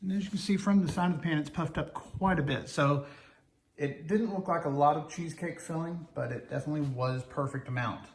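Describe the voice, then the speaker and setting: A man's voice: fairly high pitch, fairly quick, reverberant, slight background noise. A man hosting a casual home cooking demo, chatty and playful as he talks to viewers. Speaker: cooking channel host. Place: home kitchen.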